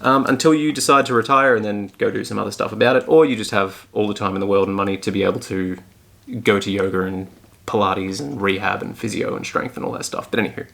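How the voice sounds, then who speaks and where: A man's voice: lowish voice, fairly even intonation, fast, creaky, fairly bright tone. A young man hosting a solo podcast, talking bluntly and frankly and swearing often. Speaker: podcast host and fitness coach. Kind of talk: casual solo podcast talk.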